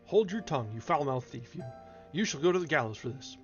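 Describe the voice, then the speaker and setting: A man's voice: on the high side, animated, quick pace, soft background music. A man voicing a suspicious household servant who blusters accusations. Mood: accusing. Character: gruff, suspicious male servant. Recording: dull lo-fi recording.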